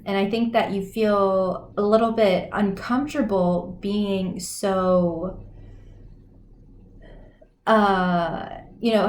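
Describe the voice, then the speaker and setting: A woman's voice: medium pitch, a little mellow. A woman giving a casual intuitive oracle card reading, exclaiming and laughing often, with many fillers. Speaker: tarot and oracle card reader. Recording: echoey room, faint noise.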